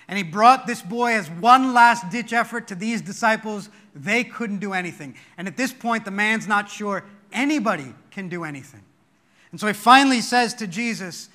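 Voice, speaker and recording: A man preaching a sermon as pastor, stressing points by swinging between loud declarations and quiet asides. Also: sits high. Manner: emphatic, rises and drops in volume to stress points.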